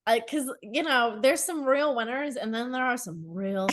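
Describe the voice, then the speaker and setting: A woman's voice: on the high side, moderate pace. A woman co-hosting a podcast, telling dating stories in casual chat, laughing often and using lots of fillers. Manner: laughs often, animated storytelling with many fillers. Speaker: podcast co-host.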